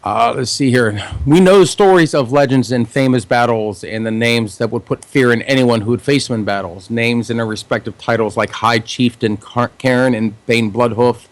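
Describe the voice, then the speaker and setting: A man co-hosting a podcast, reading game lore in a low, measured voice with casual asides. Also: no room sound. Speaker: podcast co-host.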